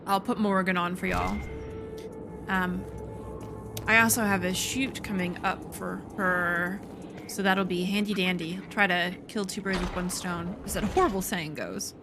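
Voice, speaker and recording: A woman's voice: on the low side, fairly even intonation, moderate pace, music in the background. A woman streaming a game, chatting casually with joking asides. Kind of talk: casual gameplay commentary.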